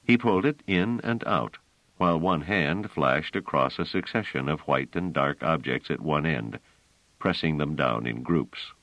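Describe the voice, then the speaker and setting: A man narrating an audiobook in a measured, expressive storytelling manner. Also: a bass voice, no echo, poor audio.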